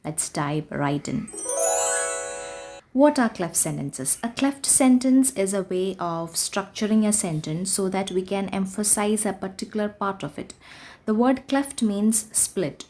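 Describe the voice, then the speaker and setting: A woman's voice: medium pitch, measured pace, a little mellow, faint music behind. A woman teaching an online grammar class, explaining patiently and reading out example sentences.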